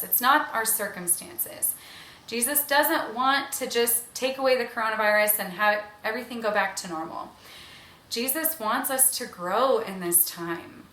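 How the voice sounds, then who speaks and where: Woman, 30s, earnest devotional speaker, chatty asides, bright higher voice, echoey room. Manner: earnest, conversational, with casual asides. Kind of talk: online women's devotional.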